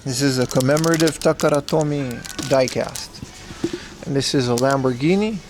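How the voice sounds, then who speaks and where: A man's voice: mid-range voice, moderate pace, noisy background. A man casually chatting on a livestream as he browses a secondhand shop, slangy and talkative, answering his chat.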